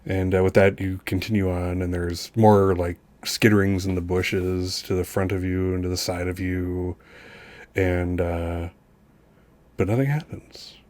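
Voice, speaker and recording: A man with a low voice runs a tabletop game, narrating in loose, halting runs full of restarts. He sits close to a dry, dead-sounding mic. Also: fairly even intonation, darkish tone, no echo. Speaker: game master.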